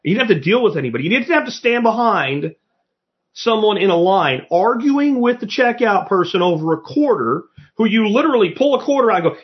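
A man's voice: high voice, expressive, fast talker, slightly rough, muffled recording. A man hosting a solo podcast, blunt and opinionated, swearing casually as he rants. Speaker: podcast host.

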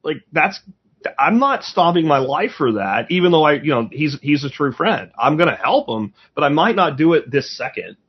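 A man with a husky, slightly breathy voice talks in blunt, rambling bursts, swearing freely in casual conversation. The recording is a little dull and muffled. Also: fairly high pitch, sing-song, normal speed. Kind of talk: casual chat.

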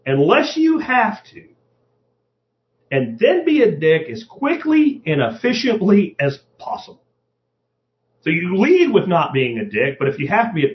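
A man's voice: high-pitched, huge pitch swings, a little slow. A middle-aged man hosting his podcast in a casual, profane monologue, often acting out the voices of people he quotes. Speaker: podcast host. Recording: dull lo-fi podcast audio.

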